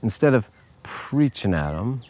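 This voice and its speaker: A man giving a casual motivational talk as a life coach, relaxed and folksy, often checking in with "okay?" and jumping his pitch up when he acts out other people's lines. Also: measured pace, a little hiss or hum. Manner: relaxed, folksy, peppered with "okay?" and "you know"; acts out quoted voices in a higher pitch.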